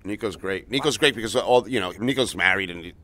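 A man's voice: fairly low pitch, quick pace, bright, forceful tone. A man who works as a chef, co-hosting a podcast in casual chat full of swearing and jokes. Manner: profane, wisecracking, bursts into laughter. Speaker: podcast co-host, restaurant chef. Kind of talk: casual chat, crude banter.

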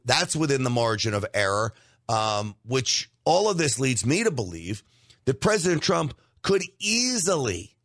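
A man's voice: mid-range voice, a bit bright, no room sound. Emphatic male political commentator, dry sound. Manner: emphatic, repeats words for stress.

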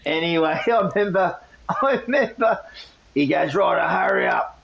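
An Australian man in casual chat, telling a story in an animated way, swearing and acting out voices. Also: on the high side, normal speed, gravelly, highs cut off. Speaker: co-host.

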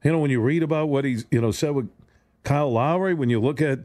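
A fast-talking man with a medium-pitched, darkish voice hosts a sports radio show. Alone at the studio mic, he rambles sarcastically and trips into restarts, and there's no room sound.

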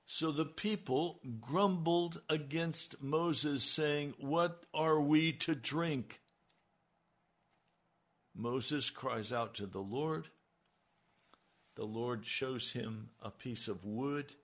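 A man preaching a sermon, slow and emphatic, his voice rising on key lines. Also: mid-range voice. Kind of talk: radio sermon.

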